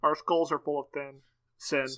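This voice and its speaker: A man's voice: on the high side, flat delivery, moderate pace, fairly bright tone, natural voice. A man voicing a grumpy, homophobic old-timey male prospector who hollers in cranky bewilderment. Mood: bewildered.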